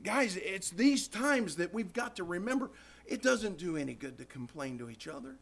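A man's voice: high-pitched, very animated, normal speed, vocal fry, a bit bright. A man preaching a sermon in church, impassioned, acting out prayers and calling the congregation "guys.".

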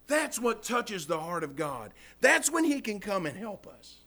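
Lively, high-voiced male preacher. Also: measured pace, few pauses. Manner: impassioned preaching, voicing prayers, addresses congregation as guys. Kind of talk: sermon. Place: church.

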